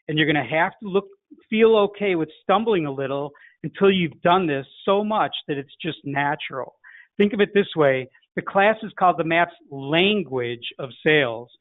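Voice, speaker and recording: This middle-aged Chicago native, whose voice is a little high, speaks with a Chicago accent while giving a direct, coaching-style sales lesson full of acted-out phone greetings. The recording is dry, with a tinny, phone-like sound.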